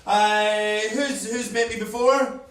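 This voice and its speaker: A man's voice: high voice, steady tone, takes it slowly, heavy background noise. A young Scottish man with a Scottish accent doing a stand-up comedy set, chatty and teasing the crowd, often stammering into restarts. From Scotland. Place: comedy club stage. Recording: roomy club sound from a distance with loud crowd.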